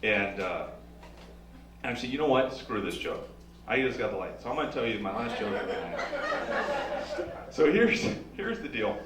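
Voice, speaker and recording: A man's voice: on the low side, sing-song, normal speed, long pauses, very noisy. A man doing a stand-up comedy set on a club stage, wry and self-mocking with a punchy delivery. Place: club stage with a live audience. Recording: roomy live sound from a distant mic.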